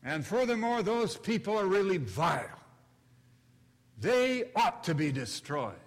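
A furious self-righteous prophet , put on by a male preacher, rants in a voice pushed well above his normal pitch. He sounds loud and bitter. The voice rings out in a long hall reverb. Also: big pitch swings, a little slow, exaggerated voice. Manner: ranting, raised and loud.

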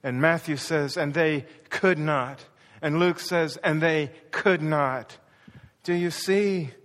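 In a sermon heavy with long hall reverb, a male pastor preaches passionately, performing the quoted lines with building intensity. He speaks slowly, in a fairly high, somewhat bright voice.

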